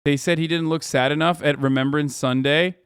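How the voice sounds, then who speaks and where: Male streamer host, slightly high and smooth-voiced, heated and profane in his reaction commentary. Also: fairly even intonation, brisk, fairly bright tone, no echo, studio quality. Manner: heated, profane ranting, reading items aloud.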